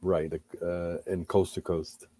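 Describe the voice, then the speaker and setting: A man speaking as a podcast guest, answering in a halting way with frequent fillers. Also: deep voice, flat delivery, warm tone, no echo. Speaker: guest researcher. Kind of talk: interview chat.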